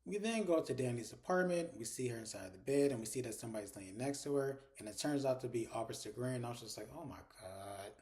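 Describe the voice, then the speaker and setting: A man in a casual review, talking quickly in a warm, mellow voice. He retells each scene in a chatty way, slips in the characters' lines and swears freely. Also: mid-range voice, expressive. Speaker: TV episode reviewer. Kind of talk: casual recap commentary.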